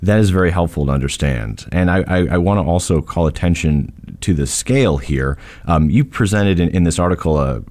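A man from interviewing a guest on public radio, speaking in a measured way and laying things out for listeners. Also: low-pitched, a little mellow.

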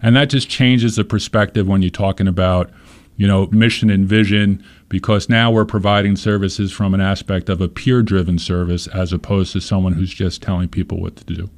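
A man with a fairly low voice talks in an easy, conversational way. He explains earnestly and leans on examples and little stories to make his points. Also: steady tone, normal speed. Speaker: nonprofit leader being interviewed. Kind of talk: conversational interview.

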